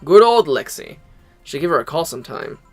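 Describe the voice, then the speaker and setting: A man reading the lines of a tough, guarded woman boss from a game aloud, with a dry, deadpan delivery. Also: a little high, brisk, soft background music. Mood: wry.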